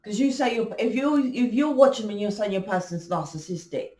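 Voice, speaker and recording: A woman's voice: medium pitch, lively intonation, brisk, a little mellow, reverberant. A woman hosting a spiritual channel, talking casually and rambling with many restarts and fillers. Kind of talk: casual spiritual talk to camera.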